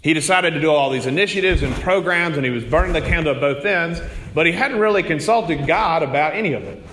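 A man's voice: a little high, fast talker, a bit bright, a little hiss or hum. A man, a priest, preaching a sermon in a conversational storytelling way, with rising emphasis. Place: church. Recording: long hall reverb.

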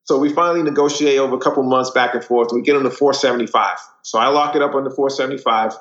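A man's voice: medium pitch, steady tone, fast, a bit bright. A man with a mid-range voice, speaking as a guest in a casual interview. He lays out facts and figures in a matter-of-fact way. The room echoes and the sound is a little dull. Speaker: guest, real estate investor.

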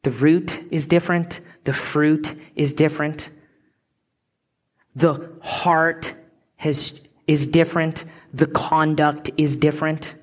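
A woman pastor delivering a sermon with a fairly low voice. She preaches earnestly and with emphasis, drawing out key words slowly, and now and then she sinks to a hushed whisper. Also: fairly even intonation.

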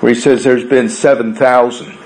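A man preaching a sermon in a conversational way, asking rhetorical questions and swinging between raised emphatic lines and hushed low ones. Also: flat delivery, moderate pace, slight background noise, poor audio. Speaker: pastor.

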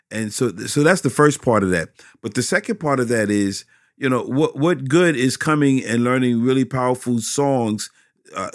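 A man's voice: medium pitch, no room sound. A middle-aged pastor talking in an interview, building energy as he drives home his points and repeating phrases for emphasis. His voice sits in a normal male range. The sound is dry and close, with little room around it. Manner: animated, preacherly emphasis with repetitions. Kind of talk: interview answers about teaching children.

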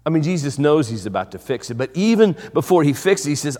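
A man preaching a sermon as pastor, moving from loud emphatic phrases to hushed, slow ones and repeating words for weight. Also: a little high, big pitch swings, in a large hall.

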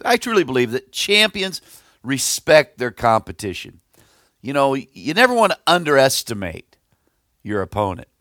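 A man's voice: mid-range voice, fairly bright tone, dry recording, clean studio sound. A middle-aged man preaching a devotional sermon, earnest and emphatic, with folksy asides and stories. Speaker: pastor.

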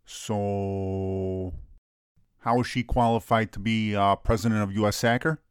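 A man's voice: lowish voice, fairly even intonation, a little slow, clear, resonant tone, no room sound, clean studio sound. Brash, profane man. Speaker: soccer podcast co-host. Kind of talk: casual chat.

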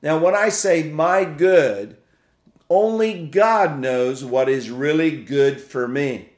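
A male pastor delivers a sermon slowly and thoughtfully, often circling back on his words. His voice sits at an ordinary pitch. The recording has a noticeable roomy echo. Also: a little mellow. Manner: reflective, halting, repeats words while searching for them. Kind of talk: podcast sermon.

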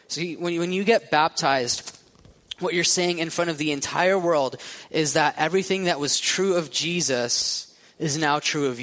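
Casual-talking preacher with a raised voice. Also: male voice, on the high side, fairly bright tone, long reverb tail. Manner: casual, conversational preaching with many "right?" asides. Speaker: pastor. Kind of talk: sermon.

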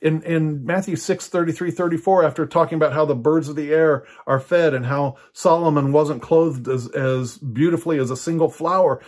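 A man's voice: a little high, fairly even intonation, normal speed, few pauses, a little mellow. Older male preacher, casual storytelling delivery, loose and full of fillers. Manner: conversational, storytelling with many fillers and restarts. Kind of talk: personal teaching talk.

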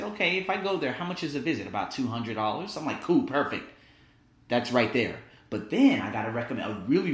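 A man's voice: mid-range voice, fairly bright tone. A man hosting a casual talk show, telling stories animatedly, acting out quoted voices and swearing casually. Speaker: podcast host. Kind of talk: casual storytelling monologue. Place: living in Thailand. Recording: roomy echo.

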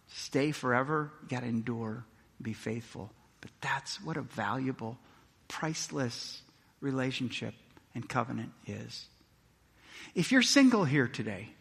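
Excitable pastor with a bright voice. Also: male voice, on the high side, husky. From Milwaukee, Wisconsin. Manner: swings from quiet earnest tones to loud, excited storytelling. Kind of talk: sermon. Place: church. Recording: reverberant church hall.

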